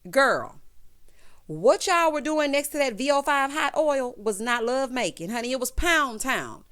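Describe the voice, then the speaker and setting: Sassy animated woman recapping TV. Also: high voice, a little slow, smooth. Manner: sassy, animated, calls listeners honey and child. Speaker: TV recap host. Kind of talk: casual recap commentary.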